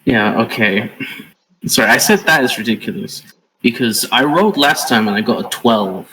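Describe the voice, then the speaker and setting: A man's voice: mid-range voice, animated, moderate pace, sharp tone, distant mic, poor audio. A man playing in a tabletop game, speaking hesitantly in a casual way. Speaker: player.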